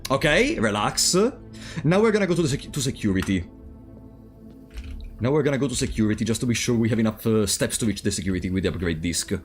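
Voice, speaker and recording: A man's voice: on the low side, fast talker, faint music behind. A man streaming a puzzle game, thinking aloud and bantering with his chat. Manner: thinking aloud, chatting with viewers, animated swings. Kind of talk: casual let's-play commentary.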